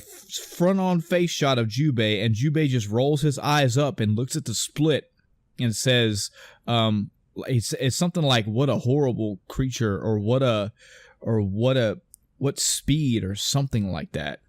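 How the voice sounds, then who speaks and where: A man with a mid-range voice hosts a podcast in casual conversation, with no room sound. He rambles and restarts his thoughts, often acting out lines from movies.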